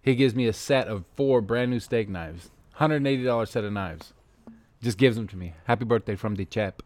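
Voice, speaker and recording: A man hosting a podcast, telling animated stories full of profanity in casual chat. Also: on the low side, a little fast. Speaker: podcast host.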